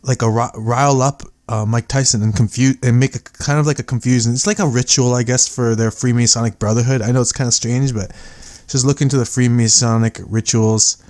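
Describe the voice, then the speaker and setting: A man's voice: mid-range voice, steady tone, fairly quick, hardly any pauses, a little mellow, no room sound, clean studio sound. A man giving rambling casual commentary over video clips, full of fillers and restarts.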